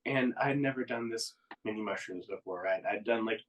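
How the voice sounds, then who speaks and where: A man's voice: medium pitch, fairly quick, distant mic, poor audio. Laughing storytelling man, off-mic. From Oklahoma. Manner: animated, laughing, acts out quotes in a raised voice. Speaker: band member, guest. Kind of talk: casual storytelling.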